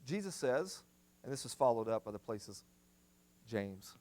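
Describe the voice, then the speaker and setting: Middle-aged male preacher, sermon delivery, emphatic repeated commands, very animated pitch. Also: measured pace. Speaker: guest speaker at family seminar. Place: church.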